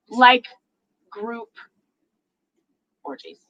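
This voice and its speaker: Woman, talk show host, high voice, lively quoting, muffled recording. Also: extremely slow. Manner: animated, acts out quotes, laughs often. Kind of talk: casual storytelling chat.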